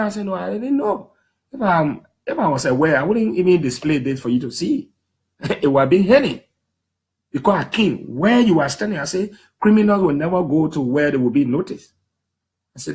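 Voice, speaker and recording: A man in his thirties with a Liberian English accent, telling stories to a public audience in an emphatic, lively way. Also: a little high, a little fast. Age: 30s. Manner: lively, emphatic, slips into quoting others in put-on voices. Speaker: human rights defender speaking to the public. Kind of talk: animated storytelling talk.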